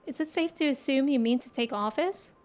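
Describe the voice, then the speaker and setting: A woman's voice: high-pitched, a little fast, soft background music, lightly acted. A woman reading the lines of a poised, courteous young noble envoy in a fantasy game, in a formal, polite way.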